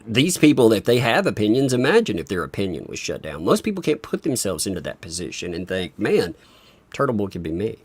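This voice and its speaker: A man's voice: lowish voice, huge pitch swings, brisk, slightly rough, no echo. A man hosting an interview, talking conversationally and encouraging his guest. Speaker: host. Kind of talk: casual interview.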